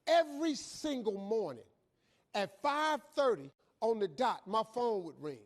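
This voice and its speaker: Male motivational storyteller, high-pitched and animated. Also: unhurried. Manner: animated, colloquial, acts out dialogue. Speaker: motivational speaker. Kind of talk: storytelling speech.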